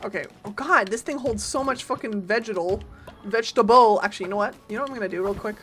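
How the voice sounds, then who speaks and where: A woman streamer giving casual, chatty gameplay commentary, reacting loudly and talking to her chat and her game's followers. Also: mid-range voice, fast.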